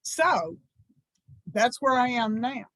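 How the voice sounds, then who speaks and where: A woman's voice: on the high side, animated, slow, fairly bright tone, dry recording, poor audio. A woman in her sixties with a Southern US accent, a reverend telling personal stories in a talk at church, enthusiastic and folksy. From American South. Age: 60s. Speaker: reverend, guest speaker.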